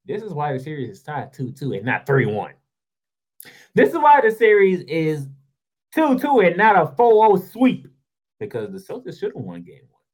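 A man's voice: fairly high pitch, huge pitch swings, normal speed, poor audio. A man hosting a sports show, delivering a heated, sarcastic basketball rant full of rhetorical questions in informal, slangy speech.

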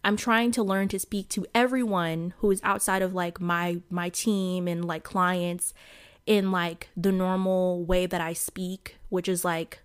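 A woman's voice: fairly low pitch, flat delivery, a little slow, clean tone. A woman with a Midwestern accent and a hint of Southern country twang hosts her own podcast. She talks straight to her listeners in loose, chatty solo talk, full of fillers and asides. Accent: Midwestern with a little Southern country twang. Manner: chatty, addresses listeners as y'all, many fillers. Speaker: podcast host. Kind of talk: casual solo podcast chat.

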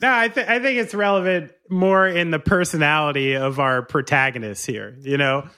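A man hosting a casual interview, chatty and quick to agree with his guest. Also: fairly high pitch, sharp tone, smooth, no room sound. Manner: friendly, chatty, frequent backchannel agreement. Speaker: podcast host.

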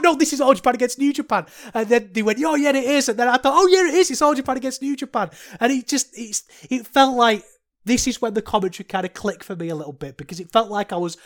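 A man's voice: a little high, a bit bright. A man hosting a podcast, talking through a wrestling review in a rambling, chatty, self-deprecating way. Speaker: podcast host. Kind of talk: solo podcast commentary.

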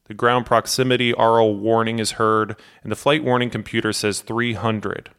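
Male documentary narrator, low-pitched, smooth resonant tone, measured scripted delivery. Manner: steady, measured storytelling that acts out cockpit quotes.

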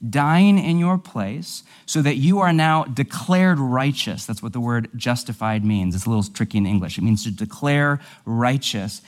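A male pastor teaching a sermon in a conversational, explanatory way, with casual asides. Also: mid-range voice.

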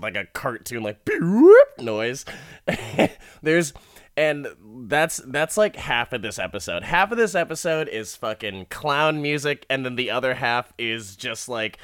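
Man, comedic episode recap, profane, laughing, unhurried delivery, dead dry recording. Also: medium pitch, fairly bright tone, clear, resonant tone, no echo. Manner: profane, laughs often while talking. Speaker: show recap host.

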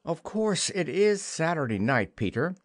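A man's voice: fairly high pitch, sing-song, a little slow, no room sound, clean studio sound, pitched above the performer's own voice. A man voicing a prim, motherly young girl who talks in a earnest, lightly scolding way.

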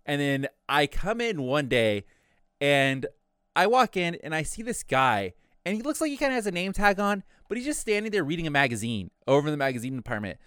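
A man's voice: medium pitch, fairly bright tone, clear, resonant tone, no room sound, studio quality. A young man chatting casually on a podcast, telling a long workplace story and acting out his coworkers as he goes. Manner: rambling storyteller, acts out quoted coworkers. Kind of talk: casual chat.

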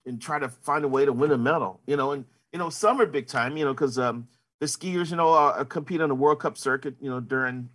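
A man's voice: medium pitch, fairly quick, a bit bright. A man in his fifties, a sportswriter, answering interview questions in a casual, rambling way full of "you know" fillers.

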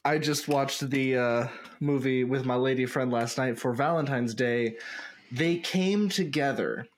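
A man's voice: medium pitch, unhurried. Rambling, laughing man podcast co-host. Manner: rambling, hesitant, laughs often. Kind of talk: casual chat. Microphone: podcast microphone.

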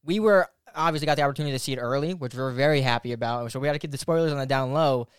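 A man's voice: medium pitch, clean tone, no echo, clean studio sound. A man hosting a casual interview, welcoming his guest and asking questions with friendly fillers. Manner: friendly, with fillers and quick asides. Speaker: podcast host.

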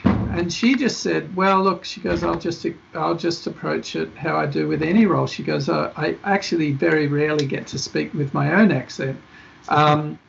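Man rambling as interview guest, gravelly, slightly high, dull lo-fi audio. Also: normal speed, background noise. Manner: rambling, many fillers and restarts. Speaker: film director guest. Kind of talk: casual interview chat.

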